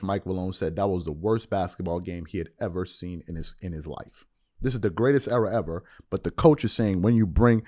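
A sports podcast host who lives abroad records at home, talking casually and emphatically in slang and often repeating words. His voice is lowish and mellow.

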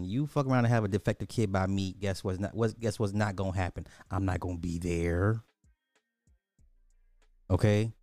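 An online commentator with a mellow, fairly low voice rants crudely, repeating himself in disbelief. The casual commentary has no room sound.

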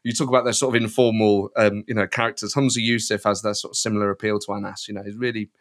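A man guesting on a podcast, chatting in an animated storytelling way. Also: lowish voice, fast talker. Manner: animated, storytelling, slips into impressions. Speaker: guest, satirist and impressionist. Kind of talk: casual podcast chat.

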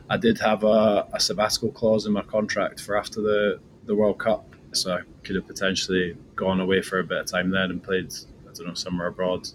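A man with a Scottish accent, a rugby player talking relaxed and modestly as a podcast guest. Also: on the low side, slight background noise. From Scotland. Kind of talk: casual interview.

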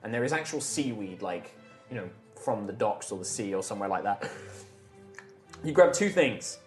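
A man's voice: lowish voice, animated, normal speed. Male game master, casual rambling narration, echoey room with faint music. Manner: loose, rambling narration with fillers.

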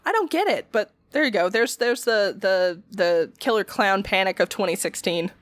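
A woman's voice: medium pitch, expressive, moderate pace, dry recording. A woman co-hosting a casual podcast, blunt and dramatic, swearing often. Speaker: podcast co-host.

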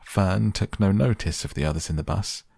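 A man reading a children's novel aloud as a calm bedtime audiobook, with a gravelly, husky voice. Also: deep voice, normal speed, dry recording, clean studio sound. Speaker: audiobook narrator.

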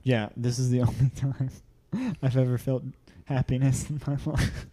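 A man's voice: medium pitch, level tone, normal speed, dark tone. A man hosting a podcast, chatting casually and laughing often while watching a movie at home, slipping into playful impressions. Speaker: podcast host. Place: living room at home.

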